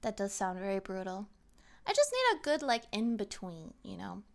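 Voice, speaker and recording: A creaky, mid-range voice at a moderate pace belongs to a young woman streaming and chatting casually with her audience. She's animated and now and then acts out her chat's messages.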